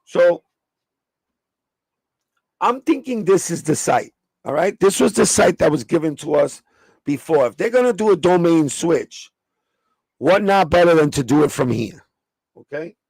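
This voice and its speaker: A man's voice: a little high, big pitch swings, measured pace, vocal fry, long pauses, darkish tone, slightly rough, no echo. A man with a New York accent hosting a casual sneaker livestream, swearing freely and talking with viewers in the chat. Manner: profane, streetwise, chatting with live viewers.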